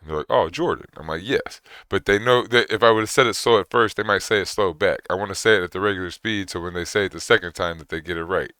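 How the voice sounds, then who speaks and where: A man with a very deep voice whose words mush together, rambling through casual reaction commentary and acting out little exchanges. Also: fast, hardly any pauses, sharp tone, clear, resonant tone, dry recording, clean studio sound. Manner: rambling, conversational, acts out quoted exchanges.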